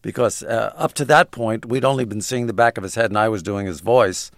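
A man's voice: lowish voice, a little fast, vocal fry, fairly bright tone, no echo, studio quality. A man being interviewed, telling anecdotes with chuckles and hesitant fillers. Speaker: guest. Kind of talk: interview storytelling.

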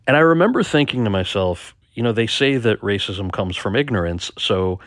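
Deep-voiced man telling a story. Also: moderate pace, no echo, studio quality. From United States. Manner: reflective, stammers and repeats words, animated quoting. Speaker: actor and author, guest. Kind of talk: storytelling interview.

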